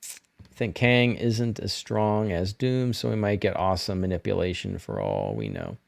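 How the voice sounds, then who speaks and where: A man's voice: sits low, expressive, normal speed, creaky. A middle-aged man hosting a live stream, rambling casually and answering viewers' chat comments.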